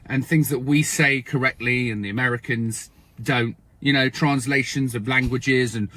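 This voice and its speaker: A man's voice: medium pitch, fairly even intonation, normal speed, sharp tone, no room sound. A man from England with an English accent, ranting in a comic, exasperated way, with lots of swearing and stammering restarts. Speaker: TikTok creator. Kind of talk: comic rant to camera.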